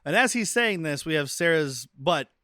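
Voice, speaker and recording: A man's voice: on the high side, lively intonation, moderate pace, sharp tone, no room sound, clean studio sound. A man co-hosting a podcast, recapping film scenes in casual chat and acting out the characters' lines. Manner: recaps scenes, acts out quotes. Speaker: podcast co-host. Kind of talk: casual movie-riffing chat.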